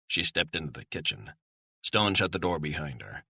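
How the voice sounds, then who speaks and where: A man reads thriller narration in a measured, suspenseful way, his voice deep and husky. The tone has a hard, sharp brightness, and the recording is dry and close. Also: lively intonation, no room sound. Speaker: audiobook narrator.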